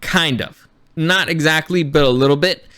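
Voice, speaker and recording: A man's voice: fairly high pitch, moderate pace, sharp tone, smooth, no room sound, studio quality. A man giving a casual, rambling film review, blunt and a little profane, with frequent restarts. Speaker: movie reviewer.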